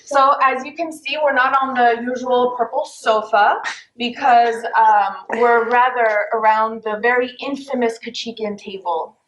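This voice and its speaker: A woman's voice: on the high side, steady tone, a little slow, a bit bright, a little hiss or hum. Playful woman hosting in an echoey room. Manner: playful, sarcastic, laughs often. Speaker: host. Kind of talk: casual chat. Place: home dining table.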